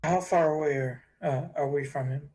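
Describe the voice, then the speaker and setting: A man taking part as a player in a tabletop game, asking halting questions about what he can do. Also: a little high, fairly even intonation, darkish tone. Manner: halting, asks rules questions. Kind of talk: casual tabletop play.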